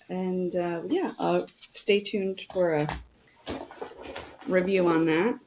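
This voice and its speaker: A woman's voice: fairly low pitch, poor audio. A middle-aged woman hosting a casual unboxing chat, talking enthusiastically to her viewers. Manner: chatty, enthusiastic, talks to viewers. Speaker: host reviewing products.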